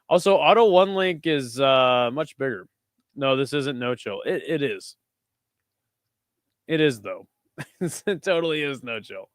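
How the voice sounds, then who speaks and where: A man's voice: mid-range voice, no room sound, studio quality. Profane, casual man commenting on fights. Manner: casual and profane, bursts into excited shouting. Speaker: host. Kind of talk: live fight watch-along commentary.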